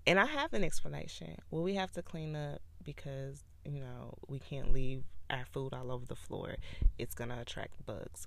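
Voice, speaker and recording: A woman hosting a podcast, talking casually about parenting and faith in an animated, preachy way. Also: a bass voice, vocal fry. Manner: animated, preachy, acts out quoted voices. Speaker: podcast host.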